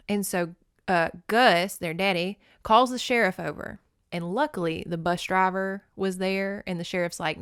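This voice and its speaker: A woman's voice: medium pitch, fairly even intonation, unhurried, a bit bright, clean tone, no room sound, clean studio sound. A woman hosting a casual movie-recap podcast, chatty and emotional, swearing freely. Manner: chatty, swears, laughs and tears up. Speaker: podcast host.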